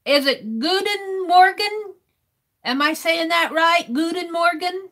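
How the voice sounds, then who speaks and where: A woman's voice: very high-pitched, slow pace, fairly bright tone. A middle-aged woman artist chatting on a live stream, laughing often and sounding out words letter by letter as she reads the chat. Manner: laughs often while working. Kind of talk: casual livestream chat.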